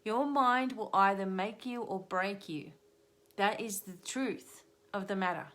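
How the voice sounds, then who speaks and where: A woman's voice: medium pitch, unhurried, fairly bright tone. A middle-aged woman, a spiritual reader and hypnotherapist, giving a live-streamed tarot reading in an earnest, repetitive coaching tone. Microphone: webcam or phone on a live stream.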